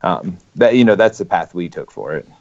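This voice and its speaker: A man's voice: sits low, animated, fairly quick, a little mellow. A man, a board game designer co-hosting a podcast live stream, talking in an easygoing way. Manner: easygoing, laughs along. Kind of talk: casual live stream chat. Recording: dull lo-fi stream audio.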